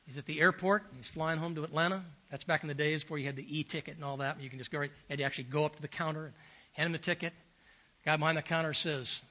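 A man's voice: fairly high pitch, fairly even intonation, fast talker, bright, forceful tone. An older man preaching a sermon as pastor, earnest and emphatic, telling stories and repeating phrases for effect.

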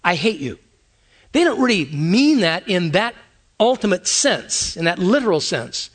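A man's voice: sits high, very animated, a little slow. A man preaching a conversational sermon, asking his listeners many rhetorical questions. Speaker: pastor.

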